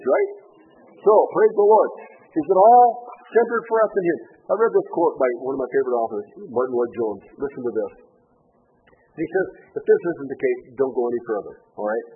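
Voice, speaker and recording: A man preaching a sermon as pastor, moving from quiet reflection to loud, emphatic rhetorical questions. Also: medium pitch, very animated, moderate pace, breathy edge. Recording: tinny phone-like radio broadcast.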